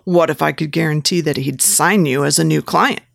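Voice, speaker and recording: A woman's voice: sits low, moderate pace, vocal fry, no room sound, studio quality, heavily acted. A woman voicing a pushy, lecherous male photographer who coaxes and gives step-by-step instructions in an erotic audiobook. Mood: bossy. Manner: coaxing, giving step-by-step instructions.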